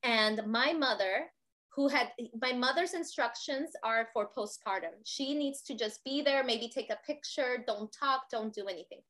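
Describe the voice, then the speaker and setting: A woman telling a personal story in an expressive way. She often ends her sentences with "right?" and acts out the voices of the people in her story. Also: fairly high pitch, normal speed. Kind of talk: animated anecdote telling.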